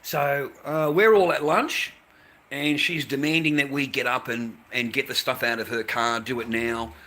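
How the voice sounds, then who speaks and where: A man's voice: medium pitch, fairly even intonation, moderate pace, pushed and bright. An Australian man telling a workplace grievance in a blunt, repetitive rant with heavy swearing. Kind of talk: ranting monologue.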